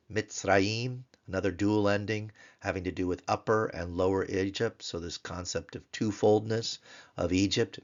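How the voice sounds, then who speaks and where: Deep-voiced male tutor, patient and repetitive, dull muffled recording. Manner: patient, repeats words slowly for pronunciation drill. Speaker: Biblical Hebrew tutor. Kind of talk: recorded grammar lesson.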